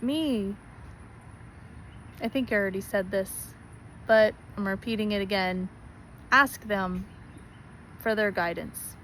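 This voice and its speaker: A woman's voice: on the high side, a bit bright, slight background noise, poor audio. Earnest, pleading woman vlogger. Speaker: spiritual vlogger. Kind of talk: heartfelt direct-to-camera talk.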